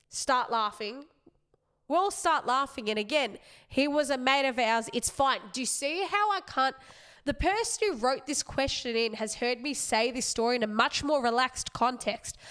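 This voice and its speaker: A young woman, a comedian hosting her podcast, telling a story in a rambling, animated way with self-aware asides. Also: sits high, measured pace, smooth. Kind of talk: casual comic storytelling.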